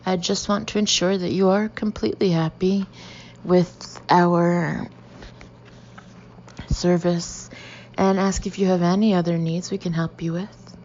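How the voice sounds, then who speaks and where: A woman voicing a posh, smooth-talking male store manager, measured and coolly formal. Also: lowish voice, little pitch movement, darkish tone, muffled recording, a little hiss or hum.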